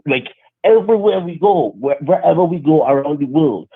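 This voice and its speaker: A man's voice: on the high side, expressive, normal speed, slightly rough. A man calling in to a live stream, arguing his point insistently. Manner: argumentative, insistent. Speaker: caller. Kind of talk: phoned-in rant. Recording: tinny phone line.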